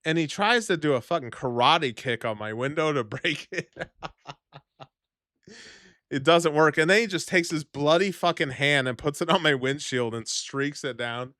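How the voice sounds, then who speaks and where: Profane animated male streamer storyteller. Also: fairly high pitch, normal speed, no echo, clean studio sound. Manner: profane, animated storytelling with sudden loud bursts. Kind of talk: casual storytelling to chat.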